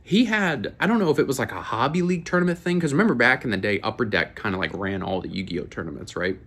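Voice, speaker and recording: A man's voice: medium pitch, animated, quick pace, fairly bright tone. A man in his twenties from Florida, telling rambling, profane stories in a casual chat. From Florida, USA. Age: 20s. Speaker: YouTuber. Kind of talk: casual storytelling to camera.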